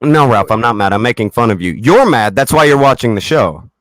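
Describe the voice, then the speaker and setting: A man's voice: medium pitch, expressive, fairly quick, a bit bright, no room sound. Sarcastic, taunting male streamer. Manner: mocking, sarcastic taunting with laughs. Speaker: livestream host. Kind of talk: profane livestream rant.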